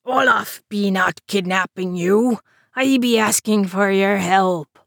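A woman voicing a gruff male river troll who speaks in broken grammar. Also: mid-range voice, slow, no echo, studio quality.

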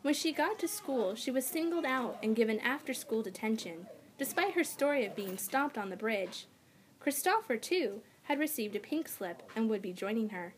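A woman narrating a children's fantasy audiobook in an expressive storytelling manner. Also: a little high, normal speed, slight background noise.

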